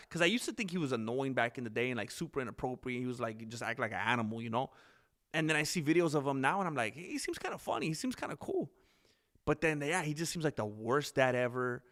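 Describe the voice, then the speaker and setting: A man's voice: mid-range voice, a bit bright. A man hosting a livestream, rambling casually and talking straight to his viewers. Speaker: livestream host reading chat.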